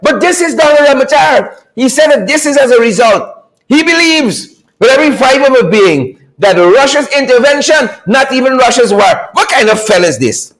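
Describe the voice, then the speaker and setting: A fired-up male talk show host with a notably high voice. He hypes up his audience, shouts out greetings, laughs a lot and drives his points home by repeating himself. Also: poor audio. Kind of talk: energetic live-stream commentary.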